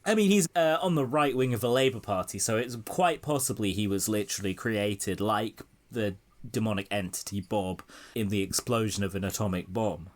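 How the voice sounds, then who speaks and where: A man's voice: fairly low pitch, moderate pace. A man hosting a casual political chat, sardonic and swearing freely. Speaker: podcast host.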